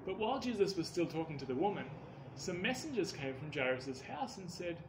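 A man tells a children's story in an earnest, expressive way, his voice sitting a little high. The room echoes noticeably, with a faint hiss of ambience behind him. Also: fairly quick. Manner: earnest, expressive rises on key words.

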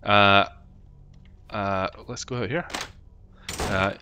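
Speaking extremely slowly, this London-accented streamer chats and jokes over game music, reading messages from chat and swearing now and then as he rambles. His fairly low voice keeps a fairly even intonation, and there's background noise.

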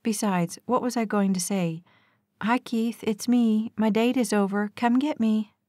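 A woman's voice: mid-range voice, steady tone, measured pace, darkish tone, no echo, voice pushed up, lightly acted. A weary young woman who brushes worries aside with a wry, lifted tone, voiced by a woman reading an audiobook, close to the mic with a dry sound. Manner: wry, laughing things off. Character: tired, spirited young woman.

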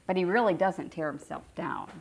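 A woman's voice: on the low side, big pitch swings, a little fast, vocal fry, a little mellow, slightly rough. A middle-aged woman giving an informal spiritual teaching to a group, conversational and repeating phrases for emphasis.

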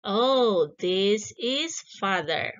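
In lo-fi audio, a woman with an expressive, mid-range voice runs a basic English lesson for small kids. She says each word again and praises their replies, stretching words out and repeating them twice in an encouraging way.

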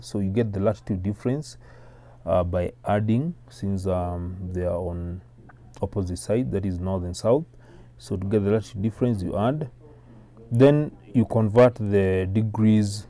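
A man with a Kenyan accent, tutoring maths step by step in a methodical way and pausing often with "uh". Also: lowish voice, warm tone. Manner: methodical, explains slowly with many "uh" pauses.

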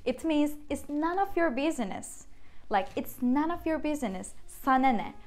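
A woman's voice: sits high, expressive, moderate pace. A young woman from Turkey with a Turkish accent, casually teaching phrases with everyday examples and frequent laughs. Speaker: language teacher. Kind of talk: casual language lesson.

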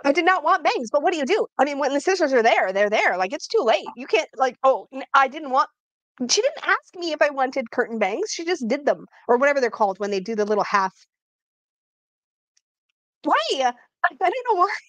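A woman co-hosting a livestream, chatting in an excitable way with frequent laughs. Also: high voice, a little fast, no room sound. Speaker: co-host. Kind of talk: casual livestream chat.

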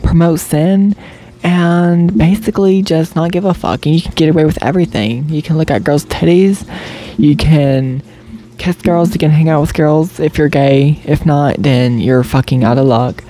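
A man's voice: a little high, normal speed, mellow. A man delivering a comedic parody monologue in an exaggerated, affected put-on voice, swearing constantly.

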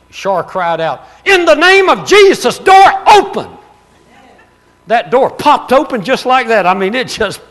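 A man preaching a sermon as pastor, telling stories with laughter and loud exclamations. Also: high-pitched. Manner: storytelling, laughs at his own stories, rises to loud exclamations.

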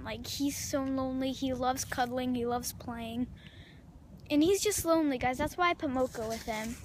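Woman, high voice, casual vlog, rambling chat, lots of ums, at home. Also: slight background noise. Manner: rambling, chatty, many fillers and restarts. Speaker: vlogger. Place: indoors at home, walking around the house.

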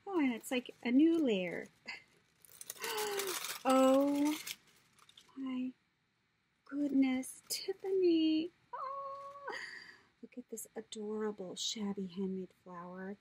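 A woman with a high voice chats casually while unboxing craft supplies that came in the mail, gushing over them with breathy gasps and frequent drops into a whisper. Her pitch swings widely, her pace is slow with long pauses, and her tone is slightly mellow. The audio quality is poor.

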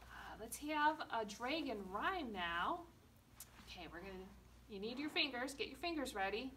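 A woman librarian reading a picture book aloud at a children's storytime, slow and expressive with playful asides. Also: a little high. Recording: distant mic with faint room noise.

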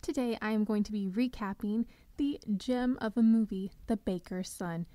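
A woman's voice: mid-range voice, normal speed, dark tone, no echo. A young woman hosting a podcast, gushing with enthusiasm as she delivers a scripted recap monologue. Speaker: podcast host.

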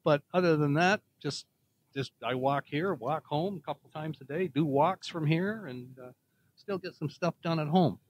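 A man's voice: fairly high pitch, moderate pace, dull audio, slight background noise. An older man co-hosting a podcast, chatting in a cheerful, rambling, folksy way. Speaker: podcast co-host. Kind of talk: casual chat.

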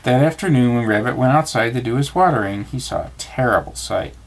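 A father reading a bedtime story aloud, calm and expressive. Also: mid-range voice, a little fast, gravelly, slight background noise.

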